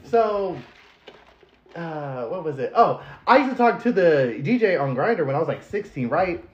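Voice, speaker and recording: A young man co-hosting a podcast, telling a story in animated, slangy casual chat. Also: fairly high pitch, unhurried. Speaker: podcast co-host. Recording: crunchy lo-fi roomy audio.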